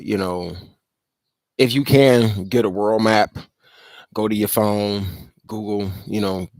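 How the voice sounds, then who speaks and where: A man's voice: lowish voice, a little mellow, no echo. Profane, rambling male commentary host. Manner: profane, conversational, filler-heavy. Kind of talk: casual commentary monologue.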